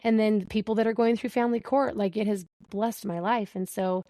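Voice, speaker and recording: A podcast host in her thirties talks briskly in a steady, mid-range voice with a dark tone, recorded without echo. It's a casual chat where she tells a frank story, frequently laughing and voicing the dialogue herself.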